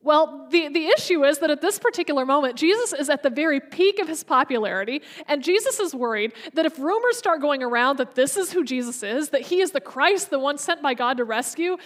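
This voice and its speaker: A woman's voice: sits high, expressive, fairly quick, hardly any pauses. A young adult woman preacher who retells a story in a chatty, conversational sermon. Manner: chatty, conversational, frequent restarts.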